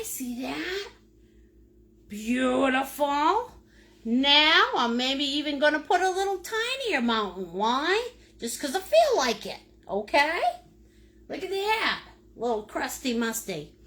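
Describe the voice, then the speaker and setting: Bright, lively, silly middle-aged woman. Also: high-pitched. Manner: playful and silly, greets viewers by name; laughs often while talking. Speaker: painting instructor. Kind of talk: live-streamed painting lesson.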